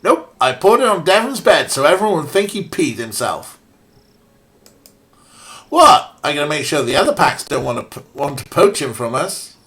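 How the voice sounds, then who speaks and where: A man's voice: a little high, sing-song, moderate pace, fairly bright tone. A man voicing a mischievous, scheming young girl. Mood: gleeful.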